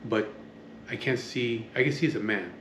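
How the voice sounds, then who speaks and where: A man's voice: mid-range voice, normal speed, a bit bright, reverberant, a little hiss or hum. A man telling a story casually to camera from his home, rambling, swearing often and drifting into asides. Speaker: vlogger. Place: at home, near an open door to the street.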